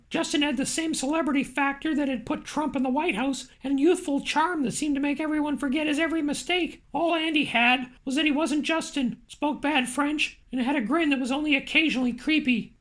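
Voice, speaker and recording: Rusty the Rooster, a man's impression, high and squeaky. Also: fairly quick, hardly any pauses, a bit bright. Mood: storytelling. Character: chirpy male rooster puppet narrator. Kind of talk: audiobook narration.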